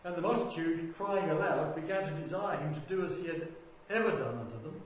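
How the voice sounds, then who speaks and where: A man reading a Bible passage aloud in a measured, deliberate way, lifting his voice for quoted speech. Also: on the high side. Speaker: scripture reader. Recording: very echoey room with faint background noise.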